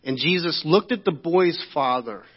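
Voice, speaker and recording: A man's voice: fairly high pitch, lively intonation, normal speed, breathy edge. A man preaching a sermon as pastor, talking in a conversational way and often checking in with the congregation. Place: church sanctuary. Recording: echoey church hall, dull lo-fi sound.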